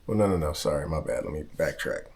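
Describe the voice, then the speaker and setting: A man's voice: rumbling low, quick pace, creaky, a little mellow. A man from Southern California telling a personal story in a casual vlog, rambling, swearing and backtracking as he goes. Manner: rambling, profane, backtracks often. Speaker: vlogger.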